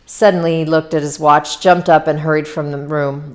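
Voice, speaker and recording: Low-voiced woman reading a novel aloud. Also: flat delivery, normal speed. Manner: stumbles over words, breaks off with casual asides. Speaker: reader. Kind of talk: amateur read-aloud of a novel.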